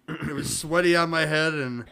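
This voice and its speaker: A man's voice: fairly high pitch, steady tone, a little slow, creaky, pushed and bright, smooth. Rambling man chatting on a podcast. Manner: rambling, stumbles and restarts often. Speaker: podcast guest. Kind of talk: casual podcast chat.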